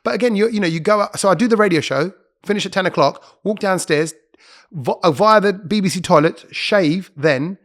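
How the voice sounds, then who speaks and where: A man, a radio presenter, chatting as a podcast guest and telling stories quickly, often breaking off to correct himself. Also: high voice, a bit bright. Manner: quick, chatty storyteller who interrupts himself. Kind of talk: casual interview chat.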